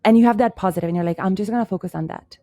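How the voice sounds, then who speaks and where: A woman's voice: mid-range voice, racing, warm tone, no echo, clean studio sound. A woman from Italy, first language Italian, speaking with a Canadian English accent as a guest on a podcast, talking candidly in a casual chat with lots of "like" fillers. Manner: candid, uses many "like" fillers.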